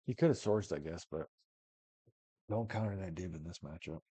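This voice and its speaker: A man's voice: low voice, normal speed, warm tone, breathy edge, no echo. A man casually commentating a card game match, thinking aloud and weighing options. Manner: musing, thinks aloud with many maybes. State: yawning, tired.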